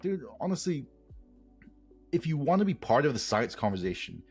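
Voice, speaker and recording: A man's voice: on the high side, very animated, normal speed, a little mellow, breathy edge, soft background music. A man co-hosting a podcast in casual chat, ranting heatedly with lots of swearing. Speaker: podcast co-host.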